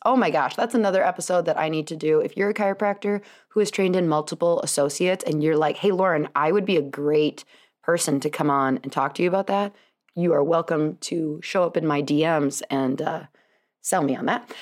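Woman, 30s, podcast host; slightly low pitch; chatty, self-deprecating storyteller who laughs a lot. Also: brisk. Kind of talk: casual storytelling monologue.

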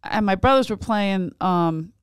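A woman co-hosting a casual comedic podcast, telling stories with lots of laughter and squeaky quoted voices. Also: unhurried, smooth, dry recording. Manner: animated storyteller, squeals quoted lines high, laughs often. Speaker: podcast co-host.

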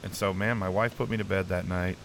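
A middle-aged man with a lowish voice tells his own story as an interview guest, earnest and emotional. He restarts his sentences often and keeps saying "man." A faint background noise sits under the recording. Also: fairly even intonation, brisk. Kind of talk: candid personal testimony.

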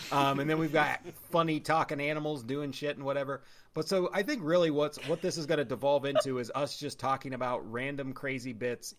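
A man's voice: mid-range voice, a bit bright. A man co-hosting a casual movie review podcast, talking with frequent hesitations and restarts. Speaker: podcast co-host.

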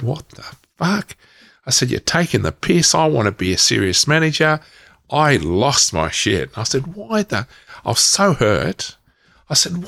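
Guest: man in his forties, very deep gravelly voice, frank storyteller who restarts his sentences and swears now and then. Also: fairly bright tone. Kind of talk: candid personal storytelling.

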